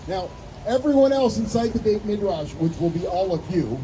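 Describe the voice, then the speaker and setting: A man, a rabbi, giving an animated speech at an outdoor rally and acting out the voices in a story he tells. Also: high voice, moderate pace, distant mic. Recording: outdoor rally with loud ambient noise.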